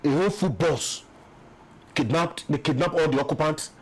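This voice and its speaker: Man, Nigerian English accent, slightly raised pitch, husky voice, impassioned interview guest. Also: normal speed, rough recording. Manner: impassioned, emphatic, repeats words while building a point. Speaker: interview guest, peace commission official. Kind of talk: political commentary interview.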